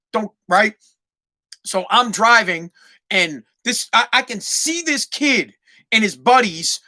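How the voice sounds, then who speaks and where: A man, hosting a podcast and telling a profane, animated story with many restarts. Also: high voice. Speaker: podcast host. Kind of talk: casual storytelling monologue.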